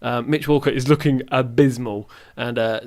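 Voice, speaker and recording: A man's voice: mid-range voice, steady tone, normal speed, a little mellow. Bloke rambling through his football sim run, chatty, self-mocking, yelps at the near misses. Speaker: gaming YouTuber. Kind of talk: casual let's-play commentary.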